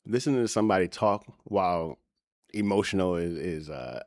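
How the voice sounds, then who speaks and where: A man's voice: deep voice, lively intonation, moderate pace, no echo, studio quality. A man hosting a reaction video, giving blunt, scornful and profane commentary.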